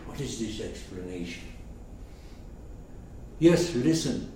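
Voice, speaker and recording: A man explaining a poem to his class, slow and emphatic, often putting questions to his listeners. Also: lowish voice, lively intonation, warm tone, a little hiss or hum. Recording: echoey room, mic far off.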